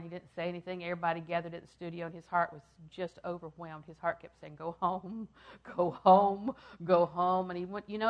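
Older female preacher with a slightly low voice, repetitive and emphatic, dropping to a hush. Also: muffled recording. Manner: repeats phrases for emphasis, swings from loud to hushed. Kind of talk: sermon.

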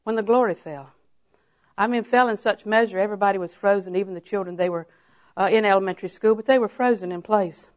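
An older woman preacher giving a sermon, telling homely stories and then rising into emphatic, drawn-out exhortations. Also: mid-range voice. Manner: folksy storytelling that rises to emphatic, drawn-out exhortation.

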